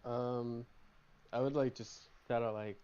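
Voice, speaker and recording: A man's voice: mid-range voice, steady tone, measured pace, darkish tone, clear, resonant tone. Guy playing dnd, kinda hesitant, muffled lo-fi mic. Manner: hesitant, filler-heavy. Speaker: player. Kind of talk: casual tabletop role-play.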